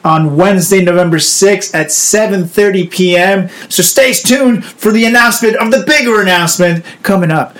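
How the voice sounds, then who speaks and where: High-voiced laid-back male podcaster. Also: normal speed, few pauses, a bit bright. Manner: laid-back, swears freely. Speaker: podcast co-host. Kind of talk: casual podcast chat.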